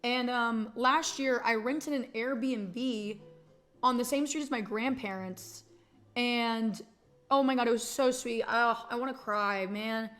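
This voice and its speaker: A young woman from Texas talks to her stream in a loose, rambling way. Her voice sits a little high, and she swears casually while getting tender and emotional. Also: slow pace, a bit bright. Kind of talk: casual chat.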